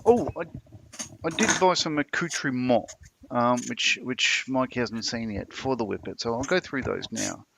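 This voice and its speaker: A man's voice: medium pitch, moderate pace, gravelly, a bit bright, slight background noise. A man hosting a casual video call chat, joking and rambling with lots of fillers. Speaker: host, model maker.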